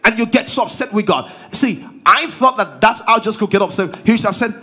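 A man's voice: high voice, fairly quick, sharp tone, breathy edge. A man preaching a sermon as pastor. He drives his points home with rhetorical questions and call-and-response.

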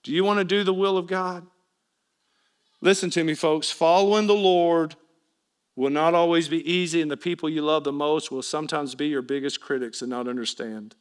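A male pastor preaching a sermon, telling the story with lively energy and acting out the people in it. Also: on the high side, normal speed, clean tone. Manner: animated storytelling preacher, acts out quoted voices.

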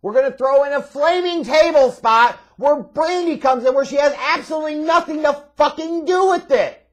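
A man's voice: very high-pitched, moderate pace. A man reviewing a wrestling show in a profane, sarcastic, exasperated rant. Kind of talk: ranting video review.

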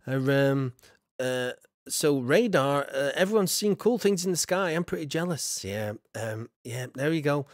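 A man's voice: fairly high pitch, animated, a little slow, dry recording, studio quality. A man streaming a game, casually reading viewers' comments aloud and chatting with frequent fillers. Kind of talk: casual live-stream chat.

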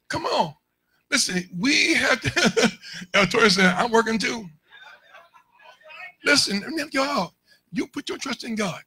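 A male pastor preaching a lively call-and-response sermon in a church, rising into shouts at his peaks. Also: very high voice, low-quality recording. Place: church sanctuary.

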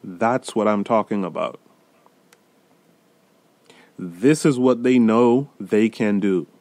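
A man hosting a solo podcast, talking through a film in an emphatic, deliberate way and speaking straight to his listeners. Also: on the low side, darkish tone, dry recording. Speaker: podcast host reviewing a film.

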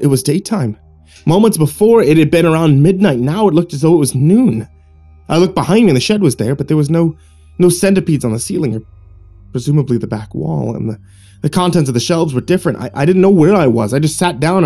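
A man narrating a horror story in a hushed, suspenseful storytelling manner. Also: a little high, slightly rough. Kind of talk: scripted narration.

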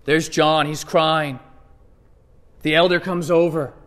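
A pastor with a notably high voice delivers a lively sermon in a church sanctuary. He talks to the crowd casually, dipping into quiet asides before bursting out with emphatic lines. A long reverb trails behind every phrase. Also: takes it slowly. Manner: animated, swings from hushed asides to loud emphatic bursts; conversational, playfully acts out scripture scenes.

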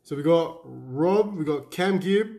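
A man's voice: a little high, lively intonation, a little slow, gravelly, a little mellow. A young Australian man co-hosting a card break, joking back, swearing freely and reading out names. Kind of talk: casual banter while opening cards.

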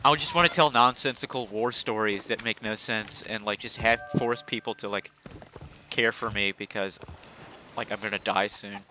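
A man's voice: fairly low pitch, steady tone, moderate pace, noisy background. A young man rambling and joking in casual chat while playing an online game with friends. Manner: rambling, joking, quotes cartoon lines. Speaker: gamer.

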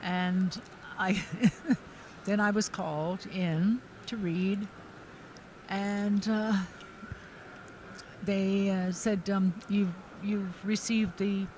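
A woman's voice: medium pitch, steady tone, drawn-out words, pauses often, darkish tone, a little hiss or hum, low-quality recording. An older actress as an interview guest, telling stories in a chatty way, laughing often and restarting her sentences. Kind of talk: casual anecdotal storytelling. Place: convention floor.

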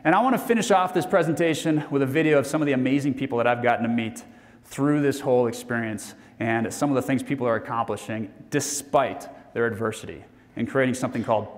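A man in his forties gives a heartfelt keynote from a stage, with a voice of middling pitch. His delivery is earnest and dips to near hushes before it climbs back to energetic peaks. The sound carries a long reverb from a large hall. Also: a little fast. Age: 40s. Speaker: motivational keynote speaker. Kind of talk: personal storytelling speech.

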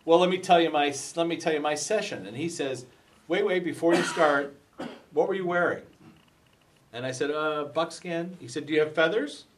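A man telling a personal story to a group in a talk, acting out the quoted dialogue with lively energy. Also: a little high, moderate pace, slight background noise. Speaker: speaker giving a book talk. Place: meeting room before a live group. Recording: voice from far off the mic.

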